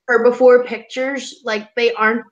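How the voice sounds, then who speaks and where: A woman with a fairly high voice runs a relaxed, chatty interview. She talks in quick bursts, stringing thoughts together with plenty of "like" fillers. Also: dull audio. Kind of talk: casual chat.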